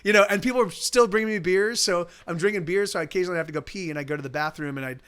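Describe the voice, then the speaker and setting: A man's voice: high voice, rapid-fire, fairly bright tone, clear, resonant tone. A male musician streaming live, telling a rambling, casual story full of restarts and swearing, with faint guitar behind.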